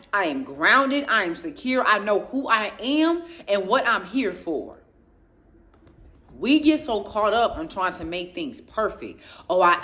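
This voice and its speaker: A woman giving an emphatic, preachy motivational talk on faith and growth, stacking repeated phrases in rhythmic lists. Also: medium pitch. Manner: speaks passionately, getting louder, then drops quieter. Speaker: faith and self-growth speaker.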